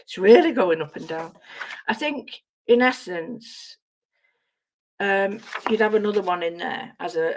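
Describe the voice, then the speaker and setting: Chatty woman, voice going hoarse. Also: on the low side, a bit bright, a little hiss or hum. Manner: chatty, self-mocking, talks to herself while working. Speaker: craft demonstrator. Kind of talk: live-streamed craft tutorial.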